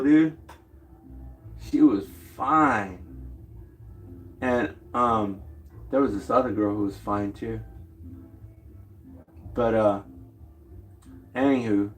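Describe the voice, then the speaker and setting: A man's voice: mid-range voice, slow pace, long pauses, faint music behind. A man chatting on a livestream, rambling and slangy, drifting between stories. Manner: slangy, meandering, loose profanity. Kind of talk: rambling casual livestream chat.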